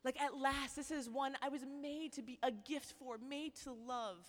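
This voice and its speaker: A young woman giving a lively faith talk to women, chatty and playful with many likes and okays. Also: high voice, moderate pace, in a large hall. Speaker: speaker at a Christian women's event.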